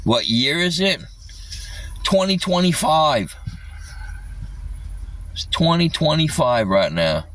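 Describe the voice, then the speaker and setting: A man's voice: a little high, very animated, slow, long pauses, a bit bright, recorded from a distance, low-quality recording. Angry man ranting on a livestream. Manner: agitated, swears constantly.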